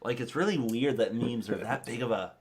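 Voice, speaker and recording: A man's voice: medium pitch, fairly quick, breathy edge. A man hosting a live stream in a casual, rambling chat, often chuckling and correcting himself.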